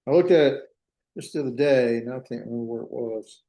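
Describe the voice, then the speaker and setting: A man's voice: medium pitch, quick pace, mellow, echoey room. A man teaching a Biblical Hebrew grammar class online, plain-spoken, thinking aloud with restarts and fillers. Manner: plain-spoken, jokes about himself. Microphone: computer mic in a video class.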